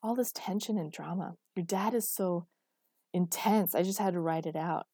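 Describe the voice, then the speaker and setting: A woman reading aloud, voicing a puzzled, literal-minded young woman writer who speaks flatly. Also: fairly low pitch, normal speed, husky, no echo, studio quality.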